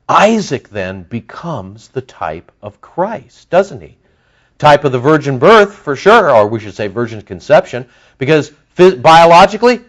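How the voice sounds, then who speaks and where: A man preaching a sermon as pastor, animated, with lively emphasis and asides to his listeners. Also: medium pitch.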